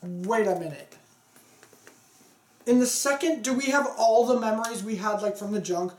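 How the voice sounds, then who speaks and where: A woman's voice: fairly high pitch, normal speed, darkish tone. A woman co-hosting a casual movie review, chatty and jumping in with jokey asides. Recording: echoey room, faint background noise.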